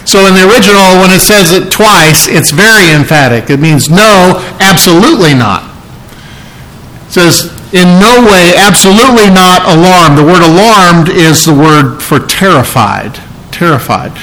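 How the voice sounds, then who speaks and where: A middle-aged male preacher giving a conversational sermon, often restarting phrases and clearing his throat. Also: fairly high pitch, lively intonation, measured pace, bright, forceful tone, poor audio.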